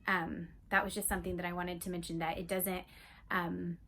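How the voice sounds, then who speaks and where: A woman giving gentle, unhurried advice on calming young children, in a casual talk to camera, sometimes dropping to a near-whisper. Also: fairly low pitch, a little hiss or hum.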